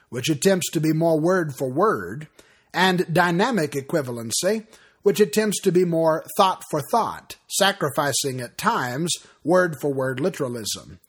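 A middle-aged man, a preacher, giving a scripted teaching talk in a measured, explanatory way, slowing down for quoted examples. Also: fairly high pitch, breathy edge. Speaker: preacher teaching on Bible translation.

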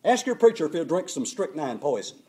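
An older man preaching a sermon, telling stories with emphatic, animated delivery. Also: on the high side, brisk.

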